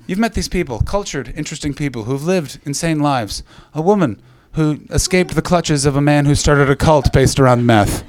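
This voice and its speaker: On the high side and a little mellow, the Canadian comedian speaks at normal speed with hardly any pauses. His live stand-up features crowd work, needling the audience with brash, profane banter.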